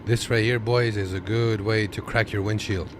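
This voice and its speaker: Deep-voiced man in laid-back commentary. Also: steady tone, normal speed, noisy background. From Kazakhstan. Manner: laid-back, joking, talks to viewers as "boys". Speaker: truck driver and reaction video host. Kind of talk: casual reaction commentary. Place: at his desk.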